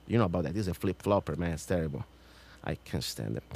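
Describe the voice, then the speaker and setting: A man with a non-native accent hosting a radio talk show, ranting about politics with strong emphasis, swinging from loud outbursts to low mutters. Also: big pitch swings, rapid-fire, no room sound. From outside the United States.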